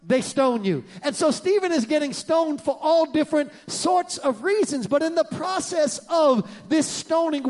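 A man preaching a sermon as pastor, swinging from loud bursts to hushed lines and acting out voices in his stories. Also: extremely high pitch.

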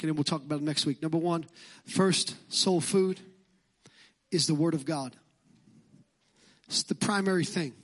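A male pastor with a Brooklyn accent and a voice that sits high preaches a sermon in church. He's emphatic and fond of repeating phrases.

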